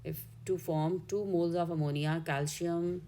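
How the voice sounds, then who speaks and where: Indian woman, chemistry tutor, low voice, methodical step-by-step explaining. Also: fairly even intonation, normal speed, mellow. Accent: Indian English. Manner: step-by-step explaining, corrects herself mid-way. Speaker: chemistry teacher. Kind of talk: exam solution walkthrough.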